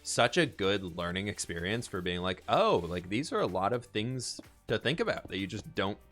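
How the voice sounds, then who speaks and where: A man's voice: lowish voice, big pitch swings, normal speed, a bit bright, soft background music. A man streaming live, chatting casually and thinking aloud as he answers chat and builds in a game.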